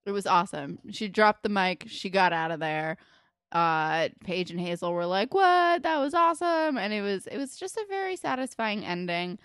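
A woman's voice: lowish voice, lively intonation, moderate pace, a bit bright, clear, resonant tone, no echo, clean studio sound. A woman co-hosting a podcast, chatting casually and candidly about a TV episode, sprinkling in "like" and swearing freely. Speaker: podcast co-host. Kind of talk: casual chat recapping a TV episode.

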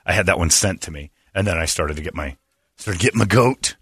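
Low-ish guy ranting on the radio, sarcastic, dry sound. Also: brisk, a bit bright, breathy edge, dry recording. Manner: ranting, sarcastic, laughs often. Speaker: radio show host. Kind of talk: casual radio chat.

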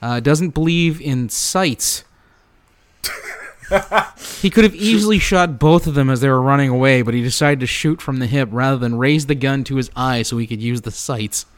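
A man's voice: mid-range voice, moderate pace, smooth. A man co-hosting a casual podcast about a movie, talking with many fillers and restarts. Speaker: podcast co-host. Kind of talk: casual movie commentary chat.

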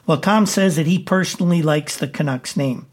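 A man delivering a sports news report in a brisk, matter-of-fact way, with the odd "uh". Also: a little high.

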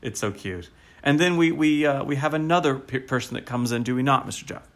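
A man co-hosting a podcast in casual chat, animated and enthusiastic, laughing often and using a lot of fillers. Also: medium pitch, brisk. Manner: frequent fillers such as "like". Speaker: podcast co-host.

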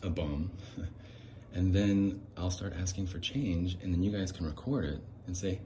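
A man's voice: deep voice, normal speed, mellow, a little hiss or hum. A man hosting a solo comedy podcast, rambling and mocking himself. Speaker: podcast host.

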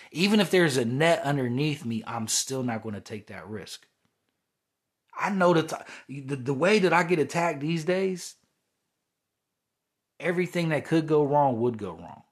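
A young man hosting a podcast, talking through a heated, rambling spiritual monologue that often circles back to "you know what I'm saying". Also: fairly high pitch. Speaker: podcast host.

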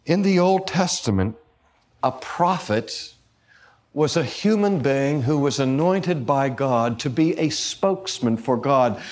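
Slow, emphatic male preacher. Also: on the high side. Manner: slow, deliberate delivery with emphatic rises on key words; rhetorical questions to the audience. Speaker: preacher and teacher. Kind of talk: theological lecture-sermon.

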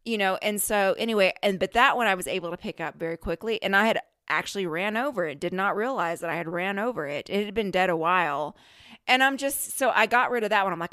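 A middle-aged woman hosting a podcast, telling a story in a casual, animated way, often laughing and quoting her own self-talk. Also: medium pitch, fast talker, no echo, clean studio sound. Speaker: podcast host.

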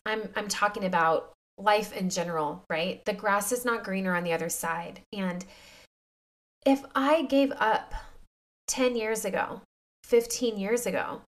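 A woman in her thirties hosting a faith-based podcast, talking to her listeners in a confiding, emotional way. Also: mid-range voice. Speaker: podcast host. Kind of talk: heartfelt faith-based talk.

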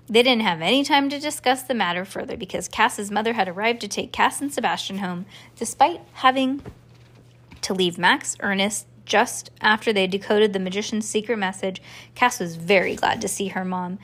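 A woman reading a children's storybook aloud to a child, with a calm storytelling cadence. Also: medium pitch, normal speed. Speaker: reader to a child.

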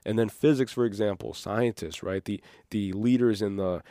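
A man hosting an unscripted solo podcast, rambling and excitable, sometimes losing his train of thought. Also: lowish voice, moderate pace, dry recording, studio quality. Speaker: podcast host.

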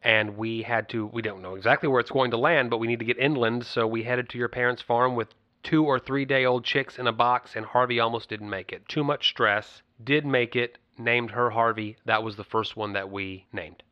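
A man's voice: mid-range voice, fairly even intonation, no room sound. Chatty man with a dry, muffled sound. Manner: chatty, storytelling, drawn-out phrases. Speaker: podcast co-host. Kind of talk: casual chat.

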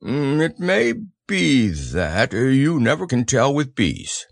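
A gentle, slow-witted teddy bear, as a male reader puts him on, musing in a slow, ponderous way. His low voice has a gravelly edge and drifts slowly through its words. It sounds like a storybook read aloud. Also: big pitch swings, dry recording, clean studio sound, heavily acted. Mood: anxious. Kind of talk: storybook character voice.

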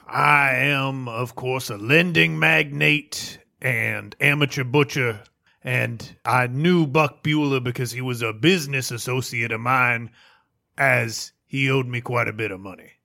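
Guy doing a stuffy rich loan shark, gravelly, bright edgy tone. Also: medium pitch, slow pace, heavily acted. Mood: smug. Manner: stuffy, formal and disapproving. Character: pompous male lending magnate and amateur butcher.

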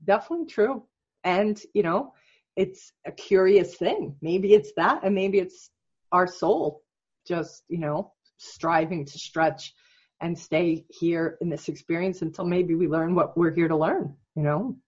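A podcast host who chats casually, then guides a guest through a reflection exercise in a soft, slow, gentle voice. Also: medium pitch, breathy edge, dull audio. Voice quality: soft-spoken, slow and gentle when guiding.

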